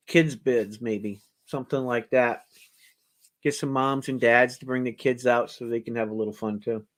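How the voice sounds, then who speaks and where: A middle-aged man hosting a coin auction, telling rambling anecdotes to his audience and chuckling as he goes. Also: medium pitch. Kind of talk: casual storytelling to a live audience.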